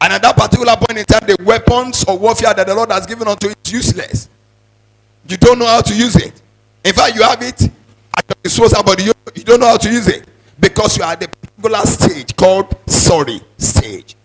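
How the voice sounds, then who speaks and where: High, husky-voiced man preaching. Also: brisk. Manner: sing-song preaching cadence with sudden shouts; repeats words while building up. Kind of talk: sermon.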